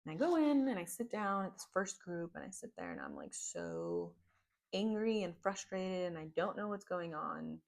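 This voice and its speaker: Low, gravelly-voiced woman telling a story. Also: big pitch swings, moderate pace. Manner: casual, rambling, heavy use of "like". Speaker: podcast host. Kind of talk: personal storytelling monologue.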